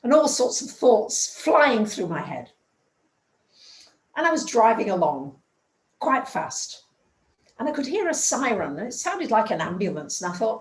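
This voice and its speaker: A woman's voice: a little high, big pitch swings, moderate pace, reverberant, poor audio. A woman telling a story in a chatty way and acting out the dialogue in a casual astrology talk.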